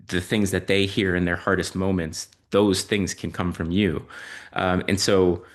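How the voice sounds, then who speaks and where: A man speaking as a podcast guest and parent, telling stories in a reflective, halting way with many ums and uhs. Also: low voice. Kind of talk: reflective conversational storytelling.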